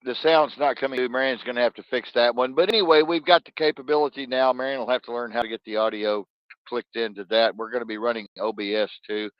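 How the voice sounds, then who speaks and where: A man hosting a podcast, chatting in a rambling, animated way and swearing freely. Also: mid-range voice, quick pace, dry recording, dull audio. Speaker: podcast host. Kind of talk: casual podcast chat.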